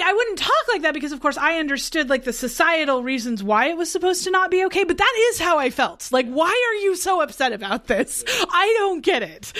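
A woman co-hosting a podcast, speaking candidly and casually about films and her own feelings. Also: sits high. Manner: candid, confessional, animated. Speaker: podcast co-host. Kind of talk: casual film discussion.

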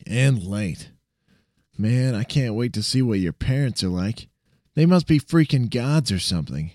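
Man doing a higher, mocking young roommate voice, sarcastic and playful, story reading. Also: expressive, measured pace, warm tone, dry recording, studio quality, close to an everyday voice. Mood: teasing. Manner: teasing, mocking drawl.

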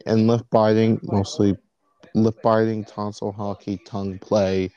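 A man's voice: lowish voice, level tone, measured pace, warm tone, muffled recording, slight background noise. A man narrating an improvised role-play scene in a casual, laid-back way among friends.

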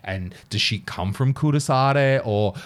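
A man's voice: mid-range voice, a little slow. A man in casual banter, telling a story and acting out the lines of the people in it. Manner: animated storyteller, swearing, acts out quotes. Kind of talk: casual chat.

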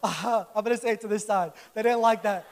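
High-voiced man preaching casually. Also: fairly quick. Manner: conversational, joking preaching with acted-out quotes. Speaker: pastor. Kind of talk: sermon. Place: church service.

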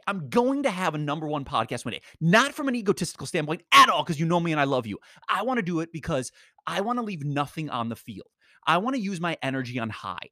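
A man hosting a podcast, giving an energetic, rambling motivational talk full of slang. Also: a little high, quick pace, no echo, studio quality. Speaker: podcast host. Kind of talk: casual motivational monologue.

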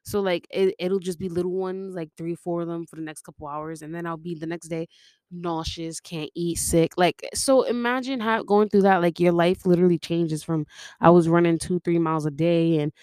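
A young woman talks through her own story on her podcast, rambling from one tangent to the next and breaking into laughter. Her voice sits on the lower side for a woman. The sound is dry and close, with no room echo. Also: steady tone, moderate pace, darkish tone. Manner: rambling, jumps between tangents, laughs often. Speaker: podcast host. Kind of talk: casual confessional monologue.

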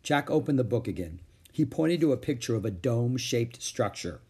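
A man reading a children's chapter book aloud, narrating gently and expressively. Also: mid-range voice, expressive, normal speed, breathy edge. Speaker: audiobook reader. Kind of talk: storybook read-aloud narration.

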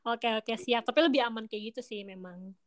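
A woman's voice: on the high side, fast. A young woman hosting a radio show, reading fashion news and chatting in a slangy, eager way. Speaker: radio host.

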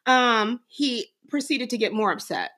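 A woman co-hosting a casual talk show, an animated storyteller who laughs often. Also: on the high side, measured pace. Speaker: podcast co-host. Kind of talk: casual chat.

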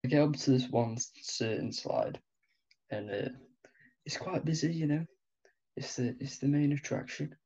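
Young man, podcast co-host, gravelly, slow and hesitant, lo-fi recording. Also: darkish tone. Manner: slow, low-key, hesitant. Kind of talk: casual storytelling chat.

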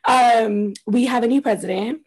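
Breathy young woman, swearing, chatty. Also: on the high side, normal speed. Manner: chatty, swears freely, laughs often. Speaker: podcast co-host. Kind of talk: casual chat.

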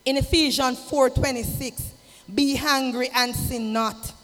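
A man preaching an impassioned sermon, swinging from shouted exhortation to low, intimate asides. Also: fairly even intonation, unhurried. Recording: long hall reverb with music behind.

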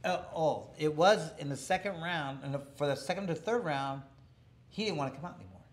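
A man's voice: a little high, expressive, brisk. A middle-aged man telling a boxing story in a casual interview, rambling with many restarts and chuckling along the way. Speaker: former boxer telling a story.

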